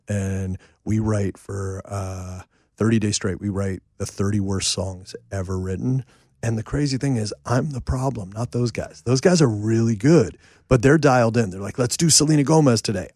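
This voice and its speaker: A man who writes and produces songs, telling a rambling, lively story as a guest in a casual chat at home, full of fillers and asides. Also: on the low side, no echo, clean studio sound. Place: a home, indoors.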